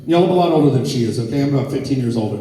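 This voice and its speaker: A man's voice: mid-range voice, animated, rapid-fire, warm tone. A man, doing a crude, brash live stand-up set. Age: 40s. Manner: brash, crude storytelling to a crowd. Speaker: stand-up comedian. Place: theater stage. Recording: echoey hall from far off.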